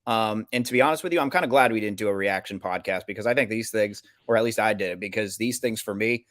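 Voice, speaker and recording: A man's voice: fairly low pitch, fast talker, a bit bright, no echo, clean studio sound. A man co-hosting a casual sports podcast, telling stories with lots of fillers and laughter. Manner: laughs often, rambling storytelling with fillers. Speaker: podcast co-host.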